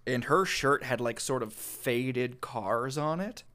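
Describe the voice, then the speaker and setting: A man's voice: mid-range voice, slow. A young man in casual chat, telling funny stories with lots of laughter and acted-out quotes. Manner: animated, laughing, acts out quotes.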